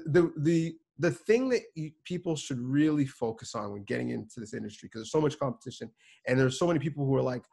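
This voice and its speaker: A man's voice: mid-range voice, creaky, darkish tone, husky. A man, a sports reporter and producer, giving earnest, emphatic advice to students over a video call, with frequent restarts.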